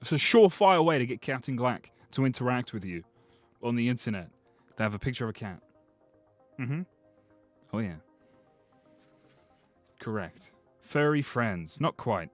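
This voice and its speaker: Lively joking male streamer. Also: medium pitch, moderate pace, long pauses, soft background music. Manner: chatty, jokey, lively. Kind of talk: live stream commentary.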